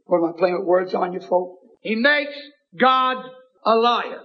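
A man preaching a fiery sermon in a church, reading scripture and repeating his refrains, rising to shouts. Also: sits high, expressive, slow pace, muffled recording.

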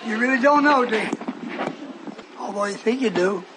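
A man's voice: sits high, normal speed, heavy background noise. A man preaching a sermon, confronting and questioning his congregation.

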